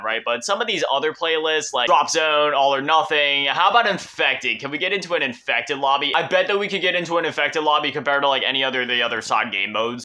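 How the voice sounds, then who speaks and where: A man's voice: on the high side, bright, forceful tone. A young man giving casual, emotional commentary over gameplay of an old shooter, rambling and often restarting his sentences. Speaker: gaming YouTuber.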